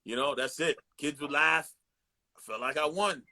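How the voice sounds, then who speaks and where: A man in his forties talks as a podcast guest, with a bright, forceful voice that sits a bit high for a man. He tells loose, profane stories with lots of animation and impressions. It is easygoing, casual chat. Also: moderate pace. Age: 40s.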